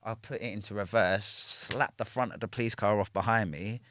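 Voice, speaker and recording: Deep-voiced London man telling a story. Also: steady tone, fairly quick, fairly bright tone, no room sound. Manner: swears freely, ends lines with a questioning "yeah?". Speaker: podcast guest. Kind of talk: casual storytelling chat.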